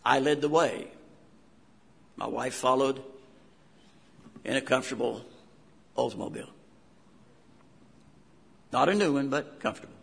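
A man's voice: mid-range voice, measured pace, gravelly, pauses often, slightly rough, long reverb tail. An older man with a West Virginia accent, a pastor preaching a sermon in a folksy storytelling way with homespun asides.

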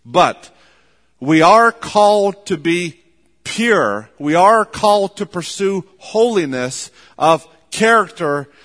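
A man with a high voice preaches a sermon in measured, emphatic phrases, stressing points by repeating words. His voice rings out with the long reverb of a large hall. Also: animated, a bit bright.

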